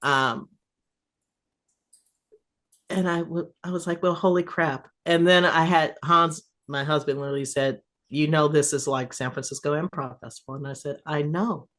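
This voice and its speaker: Her voice sits low and her pace is normal as this middle-aged woman, curator of an improv festival, tells stories in a casual podcast chat. She's lively, laughing often and swearing freely.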